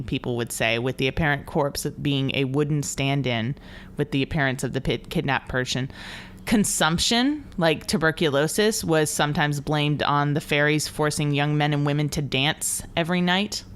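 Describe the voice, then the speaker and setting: A woman's voice: low-pitched, fairly bright tone, smooth. A woman co-hosting a podcast, eagerly sharing trivia and folklore during casual movie commentary. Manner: enthusiastic, shares trivia and lore. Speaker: podcast co-host.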